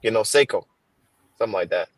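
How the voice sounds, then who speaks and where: A low-pitched man reads scripture in a laid-back study session. He stops often with fillers and restarts. The sound is dry and close. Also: lively intonation, no echo, low-quality recording. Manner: halting, reads slowly with fillers. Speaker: scripture reader in a Bible class. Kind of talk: casual reading and discussion. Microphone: headphones on a stream.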